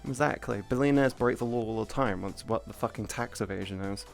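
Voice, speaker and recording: A livestreamer chats casually at a middling pitch, quick to swear and often tripping over and restarting sentences. Faint music plays underneath. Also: creaky. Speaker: streamer.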